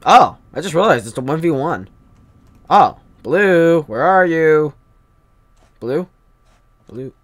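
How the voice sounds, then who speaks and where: A man hosting a gaming channel, rambling through Minecraft commentary and bursting into loud angry yelling. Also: fairly high pitch, lively intonation, slow pace, pauses often.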